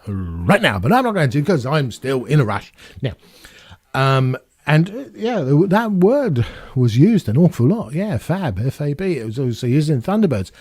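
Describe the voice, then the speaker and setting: A man's voice: medium pitch, lively intonation, unhurried, a little mellow, no echo. A man in his fifties from England hosting a casual Q&A vlog from a small home studio, chatting in a rambling, self-mocking way. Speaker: YouTube channel host.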